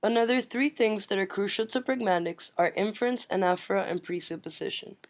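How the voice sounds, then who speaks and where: A woman's voice: medium pitch, a little fast. A woman student reading her part of a class presentation, explaining terms.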